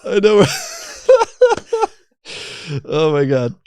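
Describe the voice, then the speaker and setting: A man's voice: a little high, very slow, clean tone, no echo. A man, a guest on a podcast, telling a personal story casually with lots of laughter and swearing. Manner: animated, laughing often, profane. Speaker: podcast guest, coaching program founder.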